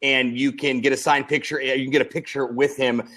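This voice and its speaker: A man hosting a casual talk show, relaxed and chatty as he tells his own story. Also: medium pitch, fairly quick. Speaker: host. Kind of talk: casual chat.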